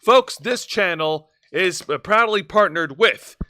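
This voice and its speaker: A male co-host on a live pop culture stream reads news and ad copy, tripping over words and filling gaps with "uh". His voice sits high and sounds bright and forward. The sound is dry and close. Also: expressive, slow, no room sound. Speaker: podcast co-host. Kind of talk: casual live-stream chat and sponsor reads.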